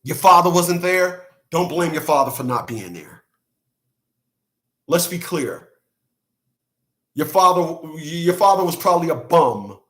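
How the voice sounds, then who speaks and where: A man's voice: fairly high pitch, animated, measured pace, long pauses, a bit bright. Blunt profane man ranting. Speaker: channel host. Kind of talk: rant monologue to camera.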